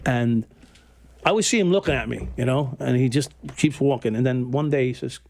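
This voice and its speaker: A man's voice: medium pitch, brisk, creaky, darkish tone. A middle-aged man from New York telling prison stories in a casual, profane way, laughing and repeating words. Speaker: interview guest. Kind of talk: casual storytelling.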